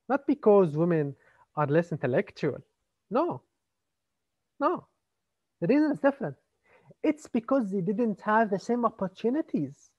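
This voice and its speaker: A man's voice: sits high, no room sound. A man giving a classroom lecture on literature, talking hesitantly with many fillers and repeated words. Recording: dry, slightly muffled lo-fi recording.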